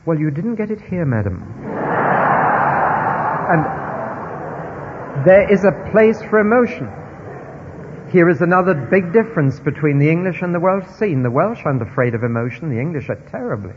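A man preaching a sermon, expressive, moving between hushed stretches and emphatic ones, in a dull recording with long hall reverb from a church or large hall. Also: a little high, normal speed, noisy background.

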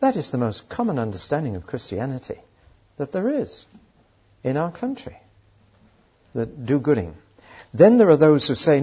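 A man's voice: mid-range voice, sing-song, normal speed, long pauses, warm tone, breathy edge. An older man preaching a sermon, telling stories and asking emphatic rhetorical questions. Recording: dull lo-fi sermon recording.

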